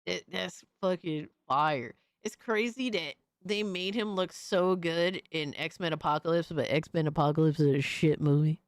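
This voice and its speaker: A young woman streamer giving excitable, profane live reaction commentary, full of hype shouts and swearing. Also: low voice, unhurried, hardly any pauses, dry recording, studio quality. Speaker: streamer host.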